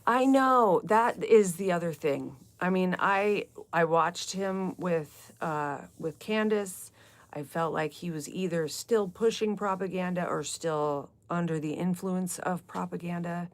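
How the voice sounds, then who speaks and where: A middle-aged woman hosts a live book club stream, chatting casually with viewers, answering their comments and drifting between topics. Her voice is fairly low and her pace a little slow.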